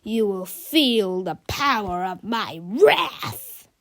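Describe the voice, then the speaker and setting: A woman voicing a boastful bully boy posing as a superhero, with slow, grand commands. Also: mid-range voice, lively intonation. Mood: pompous. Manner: pompous, slow commanding proclamations.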